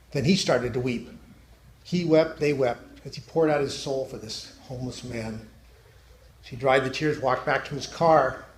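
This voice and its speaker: A middle-aged man doing stand-up at a church, telling joke stories with deadpan delivery and punchlines that drop low and quiet. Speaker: stand-up comedian. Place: church hall. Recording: echoey hall, faint noise.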